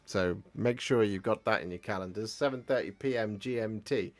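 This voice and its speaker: A man from the English Midlands with a Midlands accent, hosting a casual live stream in a chatty, rambling way and warmly thanking his viewers. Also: fairly low pitch, normal speed.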